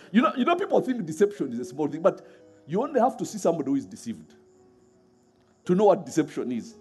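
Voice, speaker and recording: A middle-aged man preaching a sermon in a lively way, laughing often and acting out voices as he tells stories. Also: a little high, fast, soft background music.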